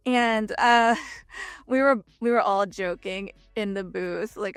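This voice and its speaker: A young woman from Texas chats as a guest in an interview, chatty and full of fillers. Her voice sits at a middle pitch and sounds dry and close. Soft music plays faintly behind her. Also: slow, clean tone, no echo. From Texas, United States. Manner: chatty, frequent fillers and lively quoted asides. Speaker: voice actress guest. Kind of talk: casual interview chat.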